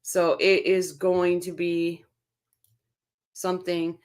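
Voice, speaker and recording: A woman's voice: fairly low pitch, little pitch movement, slow, clear, resonant tone. A woman hosting a casual true-crime livestream, reading viewer comments aloud and reacting to them in a chatty way. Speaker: livestream host reading chat.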